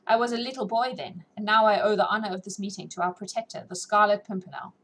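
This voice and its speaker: A woman's voice: medium pitch, steady tone, fast, fairly bright tone, slight background noise, lightly acted, low-quality recording. A woman reading as an eager young French nobleman. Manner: eager, respectful.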